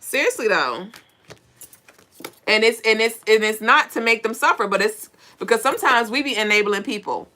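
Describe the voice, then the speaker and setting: A woman's voice: fairly high pitch, expressive, moderate pace, pushed and bright, slight background noise. A woman hosting a live spiritual card reading, talking bluntly and preachily and swearing now and then. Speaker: spiritual reader.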